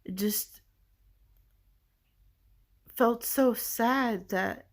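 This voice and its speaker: A woman vlogger recounting a personal experience in a halting, searching way, earnest and emotional, leaning heavily on "like". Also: fairly high pitch. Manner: halting and searching, heavy use of "like". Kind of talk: personal storytelling.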